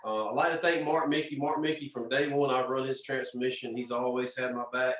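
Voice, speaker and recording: A young man, a racer guest telling animated stories in a casual interview. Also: medium pitch, fairly quick. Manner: animated storyteller, frequent restarts and "man". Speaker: drag racer and podcast guest. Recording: distant, roomy, dull lo-fi sound.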